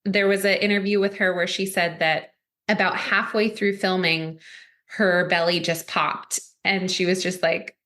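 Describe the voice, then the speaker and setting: A woman's voice: on the low side, steady tone, measured pace, bright, forceful tone. A woman co-hosting a podcast, telling a story in a chatty way with frequent giggles. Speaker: podcast co-host. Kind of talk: casual chat.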